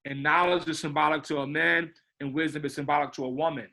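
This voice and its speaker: Man, film director, bright tone, fairly high voice, casual rambling interview talk. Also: steady tone, fast, gravelly. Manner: rambling, repeats words, says "you know what I mean".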